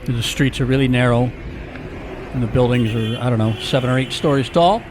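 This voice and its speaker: A man's voice: mid-range voice, brisk, background noise. A man giving a casual walking-tour narration as a vlogger, chatty and full of jokey, rambling asides, recorded outdoors on city streets.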